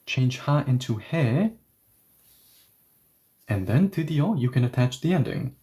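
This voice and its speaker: A man's voice: medium pitch, lively intonation, moderate pace, long pauses, dark tone. A man teaching a grammar lesson, explaining each step and asking questions that he then answers himself. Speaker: Korean language teacher.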